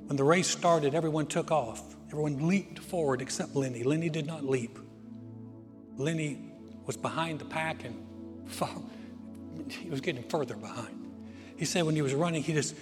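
A male pastor preaching a sermon in a church auditorium, telling stories earnestly and dropping to soft, quiet phrases. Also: a little high. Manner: earnest storytelling with dramatic pauses, softening to near-whisper. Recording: reverberant hall with music behind.

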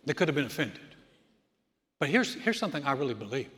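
A man's voice: medium pitch, fast talker, a little hiss or hum. Man, pastor, preaching, acting out characters, echoing hall. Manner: animated storytelling, acts out voices. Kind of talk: sermon.

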